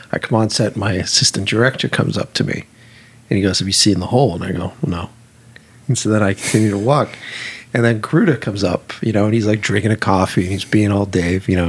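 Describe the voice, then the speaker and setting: A man with a husky, slightly breathy voice tells a story from a film shoot in a relaxed conversation. He swears freely and acts out the lines of the people in it, his pitch sitting around the middle. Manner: animated, profane, acts out dialogue. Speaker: film director.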